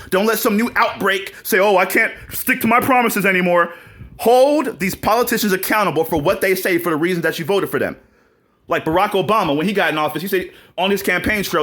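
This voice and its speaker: A man ranting to camera in a vlog, profane and combative, firing off rhetorical questions and breaking into mocking laughs. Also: high voice. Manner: mocking laughs and loud outbursts. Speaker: vlogger.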